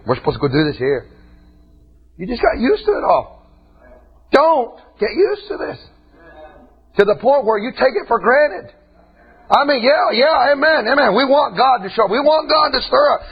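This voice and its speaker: Husky shouting preacher man. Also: muffled recording. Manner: swings between shouting high and dropping low and quiet. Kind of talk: sermon.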